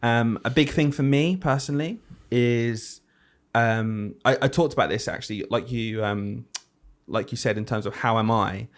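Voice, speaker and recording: Animated teacher telling stories. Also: male voice, mid-range voice, moderate pace. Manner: animated storyteller, acts out quotes. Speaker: podcast co-host, teacher. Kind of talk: casual chat.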